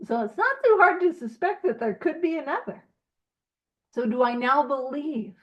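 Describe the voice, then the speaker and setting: Animated high-voiced woman leading a study. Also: normal speed, lo-fi sound. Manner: animated, self-teasing, asks repeated questions. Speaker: recovery study leader. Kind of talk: casual teaching over video call. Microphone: video call.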